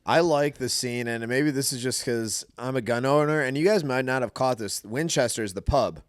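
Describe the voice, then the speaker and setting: A man co-hosting a casual movie review podcast, jokey and animated. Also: medium pitch, normal speed, no echo, clean studio sound. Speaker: podcast co-host.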